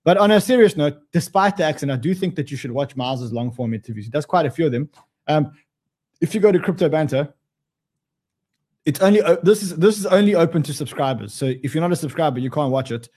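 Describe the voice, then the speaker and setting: A man's voice: fairly high pitch, expressive, quick pace, darkish tone, breathy edge. A man with an Australian accent hosting a casual livestream, joking and rambling with many restarts. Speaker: livestream host.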